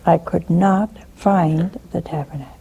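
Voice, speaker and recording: An older woman hosting a religious call-in show, talking in an animated, scolding way with mocking asides. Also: measured pace, creaky, a little hiss or hum. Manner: animated, scolding and mocking with sudden pitch jumps.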